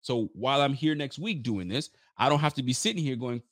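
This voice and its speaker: A man's voice: mid-range voice, lively intonation, a little fast, no room sound, studio quality. A young man hosting a live fan podcast, venting bluntly and swearing freely as he reads out viewer comments. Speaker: podcast host.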